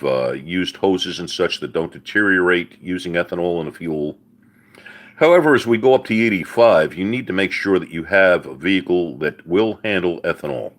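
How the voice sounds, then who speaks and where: Hosting a live car-advice stream, a middle-aged man answers viewers' questions in a low, slightly bright voice. His folksy explanations of mechanics are peppered with "all right" and "uh," and he calls his audience folks and buddy.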